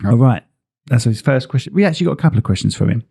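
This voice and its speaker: A man's voice: mid-range voice, lively intonation, racing, creaky, dark tone, husky. A man co-hosting a podcast, chatting casually with playful, self-mocking banter. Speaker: podcast co-host. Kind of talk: casual chat.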